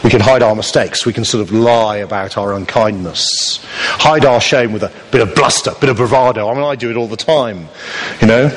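Husky-voiced man preaching in a hall. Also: on the low side, fairly quick, a bit bright. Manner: conversational storytelling with playful asides. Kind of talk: sermon. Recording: long reverb of a church hall.

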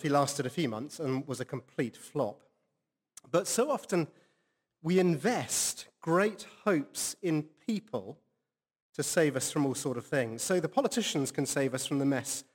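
A man's voice: fairly high pitch, big-room sound. A man preaching an earnest, conversational sermon with rhetorical questions.

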